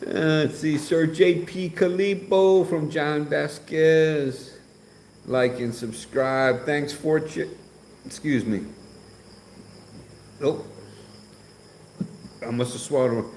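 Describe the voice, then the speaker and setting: A man's voice: mid-range voice, slow pace, long pauses, darkish tone. A man hosting a casual livestream, reading comments and joking around in a teasing, chatty way. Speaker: livestream host. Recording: echoey with faint background noise.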